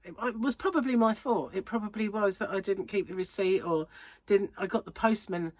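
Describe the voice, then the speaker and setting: A woman's voice: medium pitch, brisk, a little mellow, dry recording. A woman hosting a crochet channel, chatting casually to camera at home with rambling, giggly anecdotes, sounding a little congested and out of breath. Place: home room under lights.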